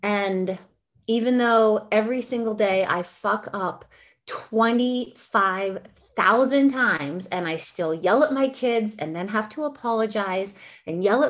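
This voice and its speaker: A woman sharing earnestly in a support-group meeting, warm and effusive, with frequent "like" fillers. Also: mid-range voice. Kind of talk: heartfelt support-group share.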